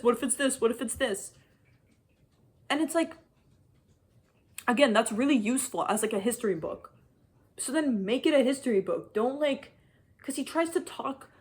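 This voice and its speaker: A young adult woman giving a casual chapter-by-chapter book review, talking in an animated, frustrated rant full of "like". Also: medium pitch. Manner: animated, frustrated ranting, heavy use of "like". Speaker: book vlogger.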